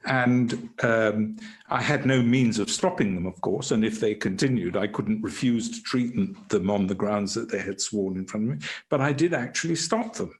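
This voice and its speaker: A man's voice: fairly low pitch, normal speed. An older British man, a podcast guest, telling dry anecdotes in conversation, hesitant and full of restarts. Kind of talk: casual conversation.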